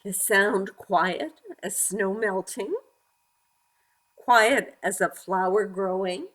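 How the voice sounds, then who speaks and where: A woman reading a picture book aloud to young children, gently asking them questions as she goes. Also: mid-range voice, takes it slowly.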